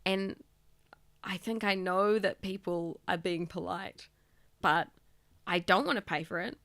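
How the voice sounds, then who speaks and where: A chatty woman in her thirties with a New Zealand accent co-hosts a relaxed podcast. She acts out the voices of the people she quotes. Her voice is recorded close and dry. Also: lowish voice, measured pace, no room sound. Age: 30s. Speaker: podcast co-host. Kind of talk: casual chat.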